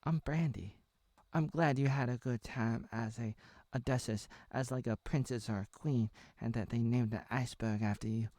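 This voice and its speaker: A man's voice: mid-range voice, steady tone, normal speed, warm tone, dry recording, studio quality, natural voice. A man voicing a brash, flirty woman who teases another woman, in a slightly raised voice. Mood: teasing. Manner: teasing, boastful. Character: flirty brash woman named Brandy, teasing.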